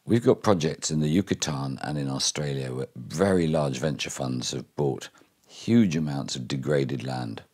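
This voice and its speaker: A man's voice: rumbling low, slightly rough. An older man from England giving a keynote speech in a reflective, wry way, with frequent fillers and restarts. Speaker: keynote speaker.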